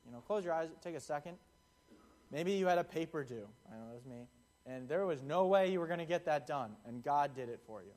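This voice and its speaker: Young male preacher, slightly higher voice, relaxed chatty sermon delivery. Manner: conversational, acts out quotes in the parable. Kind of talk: casual sermon.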